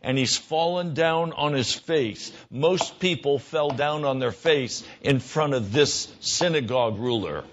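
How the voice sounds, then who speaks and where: A man preaching a sermon in an earnest voice, his pitch rising when he stresses a point or acts out a quick exchange. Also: dull audio, a little hiss or hum. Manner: earnest, rises in pitch for emphasis and mimicked dialogue.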